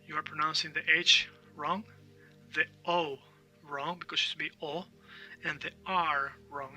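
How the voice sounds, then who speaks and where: A man with a very bright, slightly high voice teaches an online language lesson. He explains step by step, repeats words for practice and keeps checking in with his listeners. He sounds a little far from the mic, with faint music underneath. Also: steady tone, moderate pace. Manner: explanatory, repeats words for drill, frequent "all right?".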